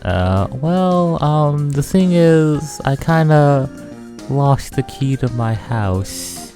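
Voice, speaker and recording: A man's voice: a little high, expressive, drawn-out words, over music, voice pushed up, heavily acted. A man voicing a timid little girl who is crying and stammers in a tearful, hesitant way while reading a game's lines.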